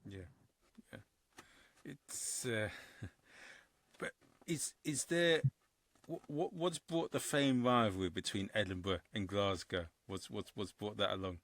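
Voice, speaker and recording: A man's voice: fairly low pitch, takes it slowly, pauses often, fairly bright tone, dry recording. A man hosting a podcast interview, chatting casually and asking curious questions, often repeating his words as he starts. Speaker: podcast host.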